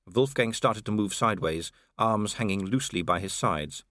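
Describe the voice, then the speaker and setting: A man narrating an audiobook in an expressive storytelling manner. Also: lowish voice, normal speed, few pauses, dry recording, clean studio sound.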